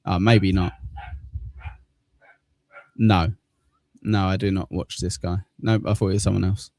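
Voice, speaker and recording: Gravelly southern English man, laid-back. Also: low voice, little pitch movement, a little slow, a little mellow, no echo, clean studio sound. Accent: southern English, near Cockney. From southern England. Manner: rambling, laid-back, swears casually. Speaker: livestream host. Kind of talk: casual chat reading viewer comments.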